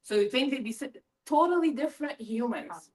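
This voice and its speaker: A middle-aged woman giving a lively parent workshop talk, asking her audience questions as she goes. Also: on the high side, fairly quick. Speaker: school family-engagement presenter. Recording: voice from a distance from the mic.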